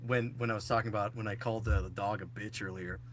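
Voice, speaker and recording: A man's voice: on the low side, fairly even intonation, fast talker, a crowd in the background. A man co-hosting a podcast in casual chat, asking the others questions in a jokey way. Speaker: podcast co-host.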